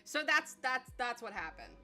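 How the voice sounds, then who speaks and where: A woman streamer tells a story in a casual, rambling way, with lots of fillers and acted-out quotes. Her voice sits somewhat high and sounds bright. Soft music plays faintly in the background.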